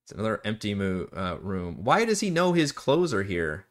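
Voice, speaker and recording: A man's voice: on the low side, very animated, moderate pace. A man acting as dungeon master, chatting casually and rambling during live-streamed game prep, often laughing and swearing.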